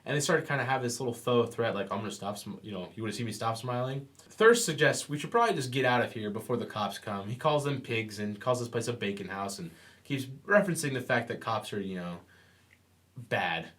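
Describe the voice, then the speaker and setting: A man's voice: mid-range voice, animated, fairly quick, a bit bright. A man co-hosting a comic book podcast, retelling scenes and reading out quoted lines in casual chat. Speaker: podcast co-host.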